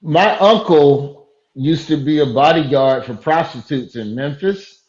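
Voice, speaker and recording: A man speaking as a guest on a comedy panel show, laid-back and deadpan. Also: on the high side, unhurried. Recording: muffled, roomy remote audio.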